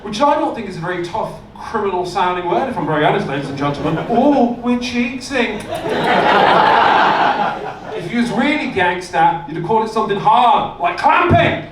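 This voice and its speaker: Comic doing a stand-up set, deadpan, high voice, echoey club, mic far off. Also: male voice, quick pace, hardly any pauses. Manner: deadpan storytelling with punchlines. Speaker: stand-up comedian. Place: comedy club stage with live audience. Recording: echoey club, distant mic, room noise.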